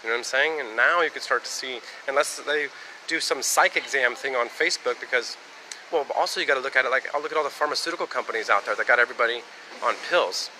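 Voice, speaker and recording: A man's voice: mid-range voice, quick pace, bright, forceful tone, slight background noise, low-quality recording. A man from the United States talking on a live stream in a rambling, casual monologue that jumps between topics and swears freely.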